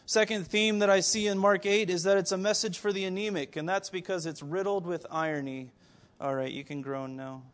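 A man's voice: high-pitched, brisk. A man preaching a sermon, firing rhetorical questions at his listeners with occasional stammered restarts. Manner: animated, rhetorical questions to the congregation.

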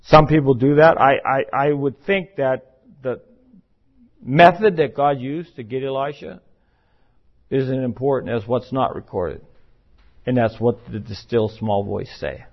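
A man's voice: mid-range voice, a little slow. A man preaching a sermon in an emphatic, conversational way, now and then acting out the voices he quotes. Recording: muffled, lo-fi recording.

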